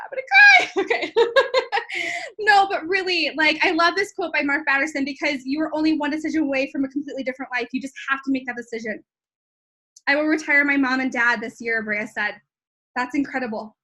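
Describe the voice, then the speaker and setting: A woman in her twenties, a business coach talking excitedly to viewers in a live stream, gushing with lots of likes and ums. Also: high voice, fast. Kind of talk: live-streamed sales talk.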